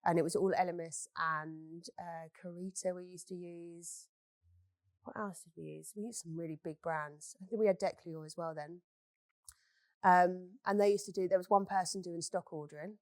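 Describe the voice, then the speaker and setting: A woman's voice: fairly low pitch, fairly even intonation, moderate pace, darkish tone, no room sound. A woman, a beauty business owner, telling stories in a candid chat and swearing freely. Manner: blunt, swears freely, storytelling.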